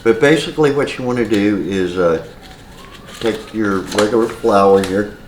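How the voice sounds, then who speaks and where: A man's voice: lowish voice, a little slow. A man hosting a casual home cooking demonstration, chatty and rambling, with side stories and plenty of filler words. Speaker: home cooking channel host. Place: home kitchen. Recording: roomy kitchen echo, faint noise.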